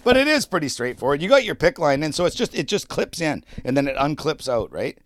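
A man's voice: fairly high pitch, sing-song, fairly quick, fairly bright tone, no echo. A man telling a long personal story on a podcast in casual, profane chat, laughing often. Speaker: podcast co-host.

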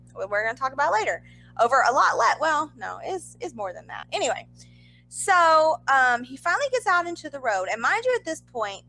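A woman with a high, bright voice that swings widely in pitch as she tells a story in casual chat. She talks fast, piles on fillers and asides, and keeps things loose and conversational. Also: low-quality recording. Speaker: podcast co-host.

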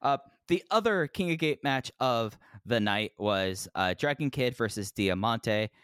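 Energetic man with a dry close sound. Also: medium pitch, measured pace, smooth, dry recording. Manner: energetic, filler-heavy. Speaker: podcast co-host. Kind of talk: casual chat, wrestling review.

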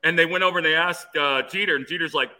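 A man in his fifties from Phoenix, a guest telling stories in an animated way with many restarts. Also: on the high side, fast, rough recording. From Phoenix, USA. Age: 50s. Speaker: interview guest, former player. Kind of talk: storytelling in an interview.

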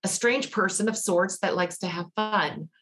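A woman from Georgia with a Southern accent and a mid-range voice chats casually as a podcast guest at a normal speed. She's a chatty storyteller who laughs often during the interview, with a crowd audible in the background.

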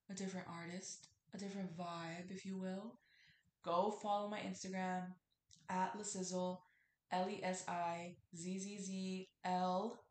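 A woman's voice: fairly low pitch, a little mellow, roomy sound. A young woman hosting a casual solo podcast, rambling with lots of fillers and cursing freely. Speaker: podcast host.

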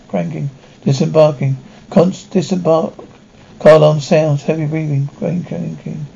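Gravelly man reading a scene script. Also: on the high side, fairly even intonation, normal speed, mellow. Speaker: narrator reading an audio description of a TV episode. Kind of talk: scripted reading of dialogue and sound cues. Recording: slightly muffled lo-fi recording.

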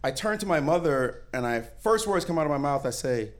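A man from Jamaica telling a personal story on stage to a live audience, animated and acting out the people in it. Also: a little high, a little fast. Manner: animated, acts out the voices of the people in his story.

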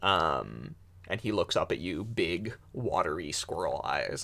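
A man narrating a tabletop game as game master, in a hushed, suspenseful way. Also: sits low, big pitch swings, measured pace, gravelly.

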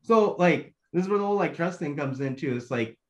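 A man's voice: on the high side, lively intonation, brisk, muffled recording. A young man from Bangladesh who grew up in the US, talking casually as a podcast guest. His speech is loose and slangy. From Bangladesh, raised in the US. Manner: laid-back slangy talk full of "like" and "bro". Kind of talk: casual conversation.

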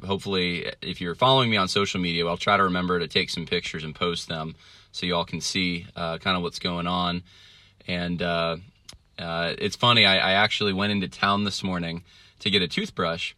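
A man's voice: deep voice, sharp tone, no room sound. A man hosting a podcast, talking casually in a rambling way with many fillers and restarts. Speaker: podcast host. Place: traveling, indoors.

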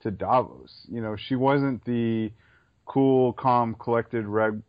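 A man speaking at a middle pitch in casual podcast chat, eager and analytical as he works through his thoughts. The sound is dry and a little dull, as if from a modest lo-fi recording. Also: takes it slowly, no echo. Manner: enthusiastic, analytical, repeats phrases. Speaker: podcast co-host.

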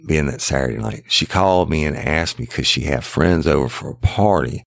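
A man's voice: very deep voice, normal speed, creaky, few pauses, fairly bright tone, no room sound, clean studio sound. A middle-aged man, a former detective telling a case story in a casual, rambling way that quotes others and keeps repeating "I said.". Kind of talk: casual first-person storytelling.

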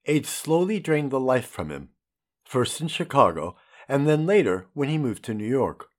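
A middle-aged man narrating his own memoir as an audiobook, in an expressive, impassioned storytelling manner. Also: mid-range voice. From United States.

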